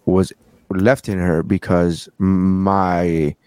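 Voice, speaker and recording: A man's voice: sits low, little pitch movement, very slow, a little mellow, smooth, no room sound. A man hosting a podcast, telling crude, joking stories in casual chat. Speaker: podcast host.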